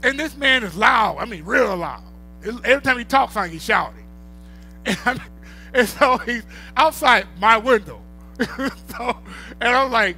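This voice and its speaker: A middle-aged man preaching a sermon. His voice sits very high for a man and rings bright and sharp, and he often swells to loud, emphatic peaks. Faint music plays softly behind him. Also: lively intonation, measured pace, long pauses. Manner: preaching with rising bursts of volume and storytelling. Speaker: pastor.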